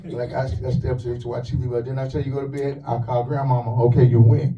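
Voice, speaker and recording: A man doing a stand-up comedy set in a club, telling crude, punchy stories with quick asides. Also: medium pitch, little pitch movement, mellow, distant mic, muffled recording, slight background noise. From lives in the USA.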